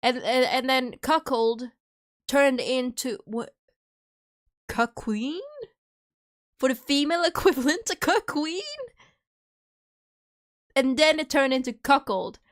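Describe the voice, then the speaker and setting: A woman's voice: high voice, slow, pauses often. A young woman streamer chatting casually and jokingly while chewing candy, rambling through her thoughts. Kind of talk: casual livestream chat.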